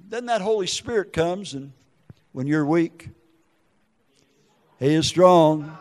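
Older male preacher, emotional testimony style, raised pitch. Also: expressive, takes it slowly, pauses often, a little mellow, long reverb tail. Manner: emotional storytelling with acted quotes. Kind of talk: testimony sermon.

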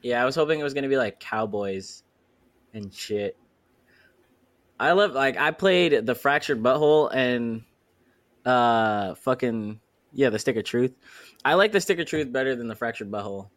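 Podcast co-host, man with a New York accent, animated and profane, dry close sound. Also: medium pitch, normal speed, no room sound. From Queens, New York. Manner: animated, swearing, lively storytelling. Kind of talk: casual chat.

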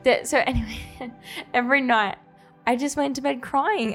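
Young woman, slightly high voice, candid self-deprecating podcast chat, rambling, faint music behind. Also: moderate pace, a bit bright. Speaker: podcast co-host.

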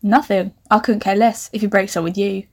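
A woman reading the lines of a big teenage male bully who threatens a girl, delivered flatly in her own voice with no real put-on voice. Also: mid-range voice, brisk, natural voice. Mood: threatening.

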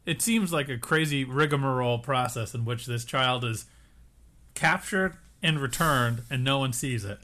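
A man co-hosting a podcast, chatting casually and jokingly about an episode and slipping into quick impressions of characters. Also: mid-range voice. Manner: joking, animated, recaps scenes with quick impressions. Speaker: podcast co-host. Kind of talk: casual recap chat.

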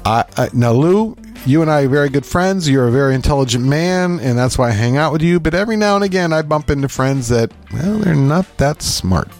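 Middle-aged Pennsylvania man, podcast co-host, animated storyteller voicing his own quotes, faint music underneath. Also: on the high side, brisk, hardly any pauses. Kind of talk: casual chat.

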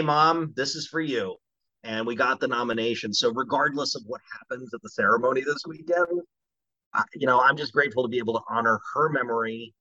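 A man, a voice actor, telling animated and jokey stories in an interview. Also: mid-range voice, no room sound, lo-fi sound. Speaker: voice actor guest. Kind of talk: anecdotal interview talk.

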